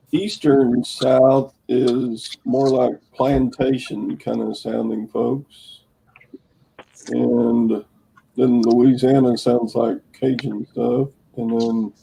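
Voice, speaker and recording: Slow, gravelly-voiced man co-host. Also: medium pitch, mellow, slight background noise, low-quality recording. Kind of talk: casual chat.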